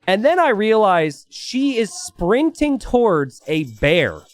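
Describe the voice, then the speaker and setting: A man's voice: sits high, takes it slowly. A young man commentating a strategy game in a chatty, casual way, telling a personal story between plays. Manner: animated, chatty, lots of "like" and "right?".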